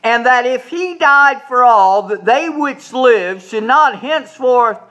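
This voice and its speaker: A man with a notably high voice delivers a sermon as pastor. He hammers his points home through repetition and rising emphasis, and now and then drops to a soft, quick aside. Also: expressive.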